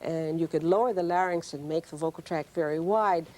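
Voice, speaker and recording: A woman's voice: deep voice, brisk, darkish tone. A woman explaining and demonstrating how the voice works as a guest expert on a live television science show. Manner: patient, explanatory, demonstrating sounds.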